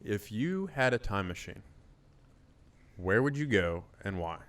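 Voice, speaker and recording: A young man co-hosting a podcast in relaxed casual chat, laughing along and asking questions. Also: on the low side, measured pace. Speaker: podcast co-host.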